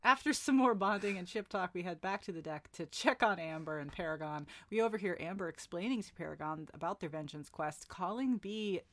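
A woman's voice: on the low side, brisk, hardly any pauses, a bit bright. A woman recapping a book chapter for friends in a casual, joking way, with wry asides. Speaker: book podcast host.

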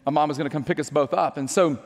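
A man's voice: on the high side, fairly even intonation, fast, long reverb tail. A male pastor telling a personal story in a sermon, chatty and joking, often restarting his sentences.

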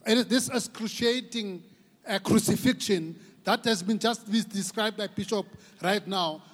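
A South African man preaching a passionate sermon as pastor, repeating key phrases and rising to shouts for emphasis. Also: high voice. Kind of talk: impassioned sermon. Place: large church hall. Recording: long reverb of a large church hall.

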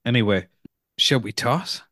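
A man's voice: medium pitch, measured pace, bright, forceful tone, no room sound, studio quality. Laid-back man joking on a podcast. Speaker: podcast co-host. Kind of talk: casual chat.

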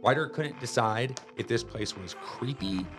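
A man reading a children's chapter book aloud in a lively, expressive storytelling manner. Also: mid-range voice, a little slow. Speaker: storybook reader. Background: music.

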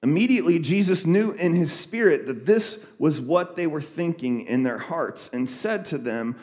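A man's voice: on the high side, lively intonation, normal speed, hardly any pauses, a little mellow. A young adult man preaching a sermon, retelling a scripture story in a loose conversational way with many fillers and restarts. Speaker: pastor.

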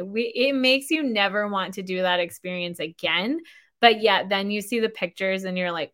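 A woman in her thirties chats her way through a story as a podcast host. She rambles freely, fills her sentences with "like" and breaks into laughter often. Her pitch sits in the middle range for a woman. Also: moderate pace, fairly bright tone. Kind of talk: casual storytelling.

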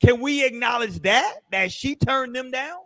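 A man's voice: very high-pitched, moderate pace, pushed and bright, dry recording. A man hosting a relationship podcast panel, arguing his point in casual talk and swearing freely. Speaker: podcast host.

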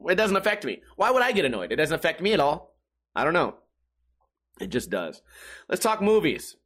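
A man talking on his own in a loose, rambling monologue, swearing often. He slips into mocking impressions of other people as he goes. His voice sits a little higher than most men's. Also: wildly swooping pitch, a little fast, fairly bright tone. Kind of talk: casual monologue.

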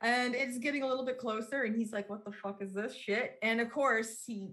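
A woman's voice: fairly high pitch, steady tone, brisk, fairly bright tone. A woman co-hosting a casual podcast, rambling as she retells a movie scene and loosely acts out the characters. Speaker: podcast co-host.

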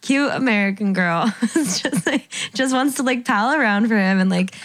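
A woman co-hosting a casual chat, reacting with quick interjections and asking probing questions. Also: on the high side, a bit bright, no echo.

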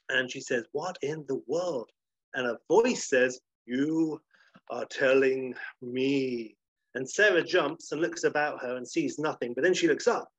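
Husky man spinning a casual story. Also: mid-range voice, no echo. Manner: animated, casual fillers like "you know". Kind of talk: improvised story narration. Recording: dull lo-fi recording.

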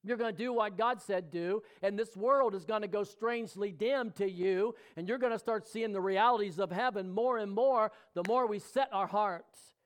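A male pastor delivers a sermon in a high, clear, resonant voice at normal speed, barely pausing. He swings from loud exhortation to hushed, intimate talk and puts questions directly to the congregation.

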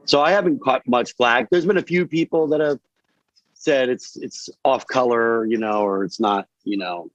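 A man from Delaware, a guest actor in a casual podcast chat, rambling and animated with lots of fillers. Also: medium pitch, moderate pace, dry recording, highs cut off. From Delaware, USA.

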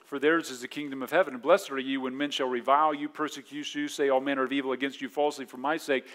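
Guy pastor preaching a sermon, chatty, mid-pitch voice, throws in little voiced asides. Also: little pitch movement, fairly bright tone. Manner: conversational preaching, acts out quick voiced asides.

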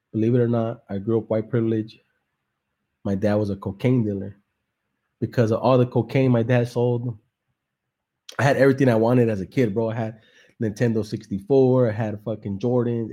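Man, young adult, mellow warm tone, profane laid-back storytelling, mixes English and slang. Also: fairly low pitch. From San Jose, California. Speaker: comedian and podcast host. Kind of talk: casual joke-telling on a live podcast.

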